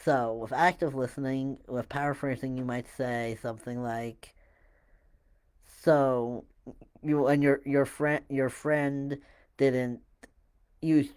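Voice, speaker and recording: A man explaining a listening technique to parents in a relaxed, halting way, with many fillers and restarts. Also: mid-range voice, clean tone. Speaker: parenting educator. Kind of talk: casual instructional talk to camera.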